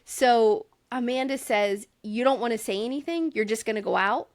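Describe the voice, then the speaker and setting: A woman co-hosting a podcast, recapping a reality show in casual chat, exasperated and profane, with quick asides. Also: fairly high pitch, dry recording, clean studio sound. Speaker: podcast co-host.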